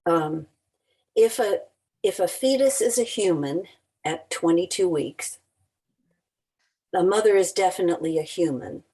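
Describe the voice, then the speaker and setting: Slow-talking woman asking a debate question. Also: on the low side, warm tone, breathy edge, poor audio. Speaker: audience member.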